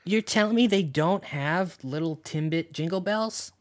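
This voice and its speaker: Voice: medium pitch, unhurried, no echo, clean studio sound. A podcast co-host from Canada, chatting casually and joking while explaining things for listeners. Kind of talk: casual chat.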